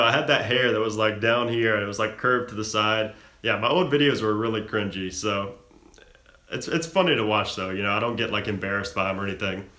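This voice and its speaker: Bright-voiced young man, echoey room. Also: on the low side. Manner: relaxed, chatty, frequent fillers and self-laughs. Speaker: live stream host. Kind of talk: casual live chat reading viewer questions.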